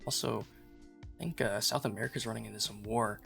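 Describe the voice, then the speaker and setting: A man's voice: fairly low pitch, fairly even intonation, fairly quick, vocal fry, bright, forceful tone, soft background music. A man giving casual, rambling play-by-play commentary on a strategy game he is playing, amused and full of fillers. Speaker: gaming channel host.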